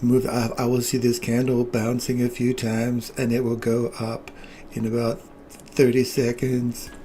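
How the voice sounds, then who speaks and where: Brief: man playing a mock psychic seer, very slow and drawn-out delivery. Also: mid-range voice, completely flat delivery, mellow, a little hiss or hum, lightly acted. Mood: prophetic. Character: mystical fortune-teller man, slow and grand.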